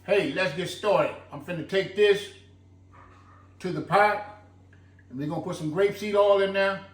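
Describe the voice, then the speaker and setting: A man's voice: sits high, normal speed. A man hosts a home cooking video, walking through a stew recipe in a folksy, chatty way. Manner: folksy, chatty, fond of saying "look". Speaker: home cooking channel host. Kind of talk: casual cooking demonstration. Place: home kitchen. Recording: echoey kitchen, mic a bit far off.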